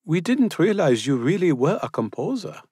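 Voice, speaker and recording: A woman's voice: sits low, big pitch swings, moderate pace, mellow, breathy edge, dry recording, clean studio sound, voice pushed up, heavily acted. A male narrator voicing a chatty older Austrian woman with a friendly, forthright manner.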